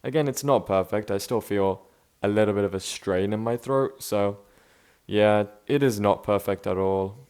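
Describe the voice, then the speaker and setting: A young male vlogger talks to camera in an unscripted, casual monologue, relaxed and self-reflective, often saying "bro" and "man." His slightly low voice is clear and resonant, and he speaks at a normal speed. His delivery is loose, with frequent restarts.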